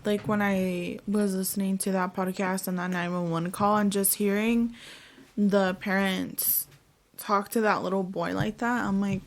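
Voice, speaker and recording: A woman's voice: medium pitch, a little slow. A young woman co-hosting a podcast, telling stories in a candid, profane, casual way. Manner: candid, profane, animated storytelling. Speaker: podcast co-host. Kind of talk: casual chat.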